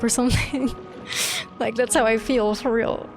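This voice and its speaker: A young woman streamer reacting live to a game, excitable and gushing, swearing freely. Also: fairly high pitch, moderate pace. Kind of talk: live gameplay reaction commentary. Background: faint game music.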